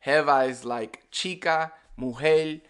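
A man's voice: fairly high pitch, takes it slowly, clean tone. Young male language teacher, easygoing and chatty, casual video-lesson delivery. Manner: relaxed and chatty, with frequent fillers and "all right"; speaks to the viewer directly, explaining step by step.

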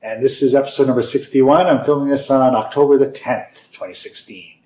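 A man hosting his own game series, chatting casually as he plays and reads through code, rambling and often laughing softly. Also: medium pitch, steady tone, brisk. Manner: rambling, chatty, with frequent fillers and small laughs. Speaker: host of a game and source-code video series. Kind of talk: casual commentary while playing and reading code.

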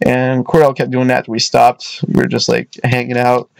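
A man's voice: medium pitch, monotone, normal speed, gravelly, darkish tone, no room sound. Rambling young man telling a story. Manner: rambling, with frequent restarts and "you know what I mean". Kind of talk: casual storytime.

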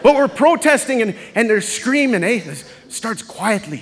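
A man performing a stand-up comedy set on a theatre stage, telling animated stories that build to shouted chants. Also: high voice, moderate pace, hardly any pauses, in a large hall. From Canada. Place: theatre stage before a live audience. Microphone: stage microphone. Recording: live theatre taping with audience laughter.

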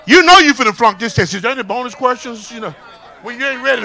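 A male pastor, preaching a sermon and moving from shouts and call-and-response to quiet, close talk. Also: very high voice, lively intonation, fast, crowd noise. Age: 50s. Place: church sanctuary with congregation.

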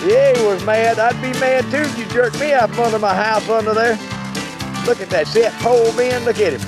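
An excited man hollering commentary while a fish is landed outdoors by a lake. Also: very high voice, brisk, music in the background.

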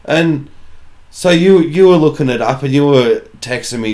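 A man's voice: medium pitch, moderate pace. Sweary Australian man spinning a yarn. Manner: profane, animated storyteller acting out quoted dialogue. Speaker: podcast host. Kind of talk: casual chat.

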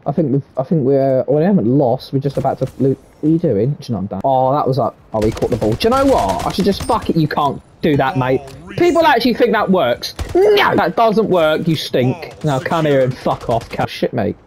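A man's voice: medium pitch, animated, a little fast, few pauses, darkish tone, a little hiss or hum. A young man doing gameplay commentary, boasting, swearing and trash-talking nonstop. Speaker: gaming YouTuber.

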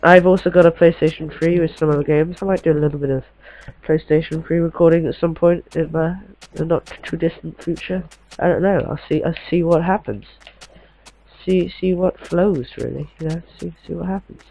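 A man's voice: fairly high pitch, steady tone, moderate pace, vocal fry, a little mellow, low-quality recording. A young man giving casual, chatty commentary while playing a game, talking to himself in a slightly posh way. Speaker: gamer.

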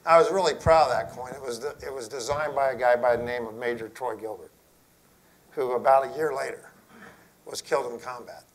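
A middle-aged man, an Air Force general, telling a story to school principals in a folksy, earnest way, dropping to a hush for emphasis. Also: medium pitch, steady tone, brisk, poor audio.

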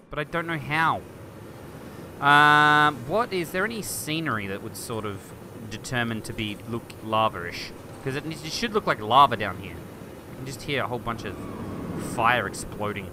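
A man hosting a game video, thinking aloud and getting excited as he chats to objects on screen. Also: medium pitch, background noise. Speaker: gaming video host. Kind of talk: let's play commentary.

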